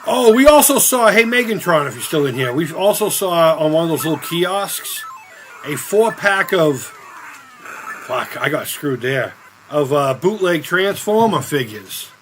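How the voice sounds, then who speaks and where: A man's voice: fairly high pitch, very animated, unhurried, a bit bright, a little hiss or hum, low-quality recording. A middle-aged man, chatting casually on a live stream while gaming, rambling and swearing often at the game. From Boston area. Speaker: streamer playing retro games. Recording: music playing behind the voice.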